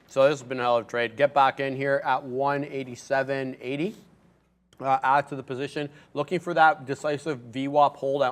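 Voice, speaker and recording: A man co-hosting a live day-trading stream in a studio, calling his trades and talking to the chat. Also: mid-range voice. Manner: upbeat, talks to chat. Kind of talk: casual live market commentary.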